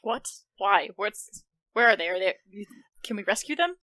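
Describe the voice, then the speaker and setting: A woman playing a tabletop game who asks quick, quizzical questions. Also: medium pitch, animated, pushed and bright, dry recording. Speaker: player. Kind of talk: tabletop role-play.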